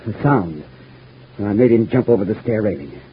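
An actor playing a frightened, guilt-ridden husband in an old-time radio soap, pleading in anguish. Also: male voice, lowish voice, animated, brisk. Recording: husky lo-fi old radio broadcast.

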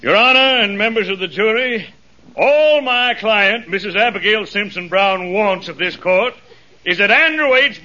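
A man's voice: extremely high pitch, sharp tone, full character voice. A man playing a pompous plaintiff's lawyer who orates grandly to the jury and questions witnesses, in 1940s radio comedy style. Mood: orating. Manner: grandiloquent, stretched-out courtroom oratory. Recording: muffled old radio broadcast.

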